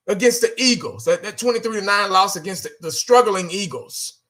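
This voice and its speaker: A man's voice: sits high, brisk, hardly any pauses, sharp tone. A man giving a casual, blunt fan rant, exasperated, repeating himself and cursing now and then. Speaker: fan vlogger.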